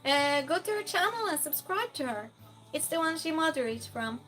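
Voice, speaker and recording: A woman's voice: high voice, very animated, normal speed, fairly bright tone, soft background music. A woman hosting a live-stream game night, chatting casually, reading chat aloud and playfully scolding and thanking donors.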